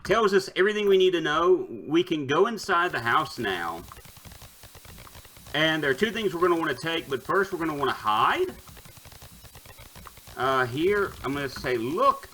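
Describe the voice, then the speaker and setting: A man's voice: a little high, animated, normal speed, long pauses, sharp tone, a little hiss or hum. A man streaming a retro game, casually commenting, joking, and reading the game's text aloud. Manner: playful, joking asides, typing commands aloud.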